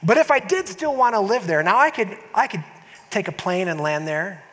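Pastor preaching in a reverberant church. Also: male voice, high voice, expressive, moderate pace, a bit bright. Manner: conversational, with repeated restarts and emphatic asides. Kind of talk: sermon. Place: church sanctuary. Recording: long church hall reverb.

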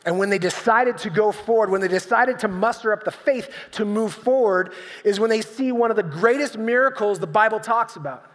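A man's voice: sits high, brisk. A man preaching a sermon on a church stage, conversational and storytelling, acting out voices with humor. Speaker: pastor. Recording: long reverb of a church hall.

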